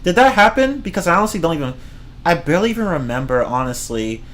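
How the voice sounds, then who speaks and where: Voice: medium pitch, sing-song, fast talker. A streamer ranting casually about movies, rambling and swearing, often breaking into laughter. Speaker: streamer reviewing films. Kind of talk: casual rant.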